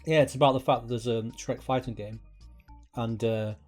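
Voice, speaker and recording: A man joining remotely for casual comedy banter, teasing and quick to laugh. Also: medium pitch, fairly even intonation, a little mellow, faint music behind. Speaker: co-host on remote call.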